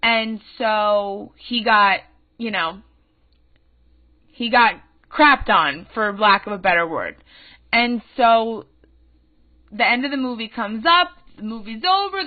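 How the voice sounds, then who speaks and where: A woman's voice: a little high, expressive, slow. A twenty-one-year-old woman hosting a podcast, telling a story in an indignant and emphatic way, heard through a tinny phone-like sound. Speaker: podcast host. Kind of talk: casual ranting storytelling.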